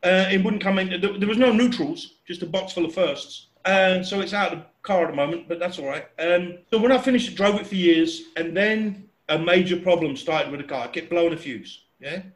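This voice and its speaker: Chatty man, high voice, roomy echo. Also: fairly quick, few pauses. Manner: animated, chatty, acts out voices and sounds. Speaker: storyteller. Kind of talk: casual anecdote telling.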